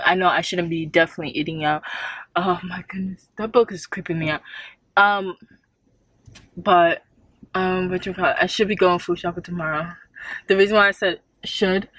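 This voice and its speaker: A young woman speaks at normal speed in a fairly low, slightly bright voice while vlogging from her parked car outside on a hot day. The chat is casual and she sounds tired, yawning, laughing often and using lots of fillers.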